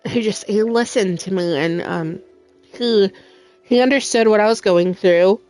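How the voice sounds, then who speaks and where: Speaking a little slowly in a mid-range, slightly mellow voice, a young adult streamer chats casually as she plays. Her talk is sincere, emotional and meandering, padded with fillers, while soft music plays behind her.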